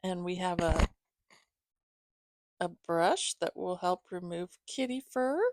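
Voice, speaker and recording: A woman hosting her own channel, chatting casually with viewers as she shows gifts, giggling often and filling pauses with "um". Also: on the low side, a little mellow, no room sound. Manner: chatty, giggly, many fillers. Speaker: channel host reading to her cats. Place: home, reclining.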